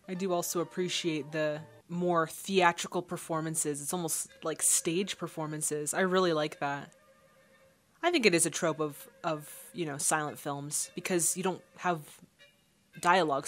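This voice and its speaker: Chatty woman hosting a movie reaction. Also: deep voice. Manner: chatty, thinking aloud between film scenes. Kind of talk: casual movie reaction commentary.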